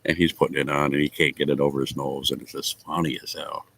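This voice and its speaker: Very deep husky-voiced laughing man. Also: level tone, quick pace, fairly bright tone. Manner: laughs often, swears casually. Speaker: livestream host chatting with viewers. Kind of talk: casual chat.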